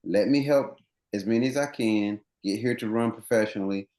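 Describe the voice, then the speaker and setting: A man's voice: on the low side, moderate pace, darkish tone, roomy sound. A man running coach, interviewed as a guest on a podcast, explaining things earnestly at length with many restarts.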